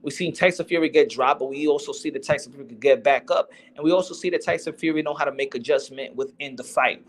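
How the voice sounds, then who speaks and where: A man's voice: on the high side, quick pace, few pauses. Slangy man chatting about boxing. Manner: slangy, loose street talk. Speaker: boxing podcast host. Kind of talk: casual chat.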